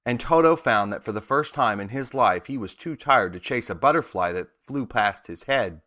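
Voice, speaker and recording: A man narrating a storybook audiobook in an expressive storytelling manner. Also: mid-range voice, moderate pace.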